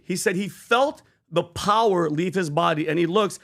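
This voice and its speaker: High-voiced man preaching earnestly. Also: creaky, fairly bright tone. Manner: earnest, preachy, slows down for emphasis. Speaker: podcast co-host. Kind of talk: casual talk, retelling a Bible story.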